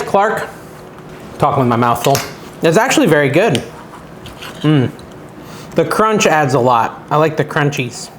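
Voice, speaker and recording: A man's voice: fairly high pitch, slight background noise. A man hosting a casual cooking vlog from his kitchen, chatting as he cooks in an unsure, self-deprecating way. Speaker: cooking show host.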